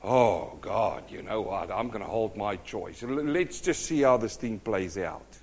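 Brief: a man playing a cocky young man, complacent and boastful, pitched low. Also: lively intonation, measured pace, creaky, a little mellow, full character voice. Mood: smug.

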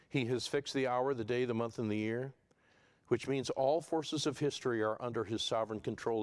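A man preaches an expository sermon, rising to loud, emphatic peaks and then dropping low and quiet. He falls into a repetitive, list-like cadence.

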